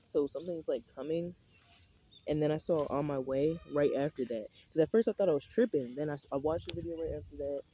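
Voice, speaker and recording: A man's voice: a little high, brisk, mellow, slight background noise. A young man rambling casually outdoors in a park, full of slang, swearing and filler words. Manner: rambling, profane slang-heavy talk with many fillers. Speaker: vlogger.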